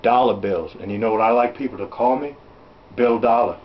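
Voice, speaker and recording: A man's voice: mid-range voice, a little fast, natural voice. A man playing a crude, blustering backwoods salesman who rambles and curses while hawking junk, in a comic home-video sketch. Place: indoors at home. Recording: roomy, dull home camera audio.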